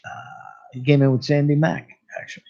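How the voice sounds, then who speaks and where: A man's voice: a little high, level tone, fairly quick, mellow. A man hosting a radio show, chatting casually with a guest, laughing often and stumbling over names. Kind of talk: casual radio interview chat. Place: radio studio. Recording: dull lo-fi radio broadcast.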